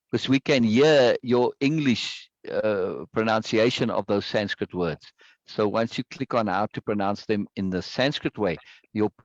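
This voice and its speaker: A man's voice: lowish voice, dry recording, muffled recording. A man leading an online group discussion, enthusiastic and repeating his words and phrases often.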